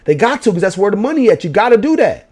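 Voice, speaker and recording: Man, gaming vlogger, late-night rant, profane and animated, slightly high voice. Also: quick pace. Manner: profane, animated ranting in slang.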